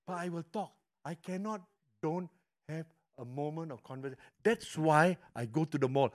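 A middle-aged man with a Malaysian English accent, preaching a sermon with animated storytelling that swings from loud to hushed. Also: on the high side, moderate pace. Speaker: pastor.

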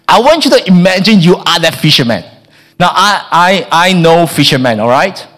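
Animated male preacher, lively higher voice. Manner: lively, stammers and repeats words, acts out quotes. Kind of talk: sermon.

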